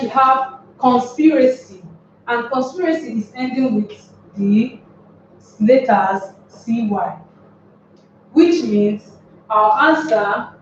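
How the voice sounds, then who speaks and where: A woman teaching an English lesson on word stress, explaining step by step and repeating words slowly. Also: a little high, a little hiss or hum. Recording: very echoey room, far from mic, dull.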